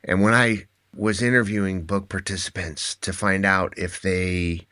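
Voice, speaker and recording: A man, an endurance athlete and author, telling animated stories as a podcast guest and often restarting his words. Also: sits low, unhurried, no echo, studio quality. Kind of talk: conversational podcast storytelling.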